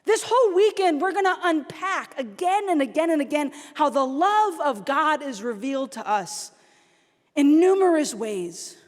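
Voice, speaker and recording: A young woman from the American South giving an animated storytelling talk at a youth conference, acting out her family members as she goes. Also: high voice, normal speed. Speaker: conference speaker. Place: large conference hall. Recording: long hall reverb.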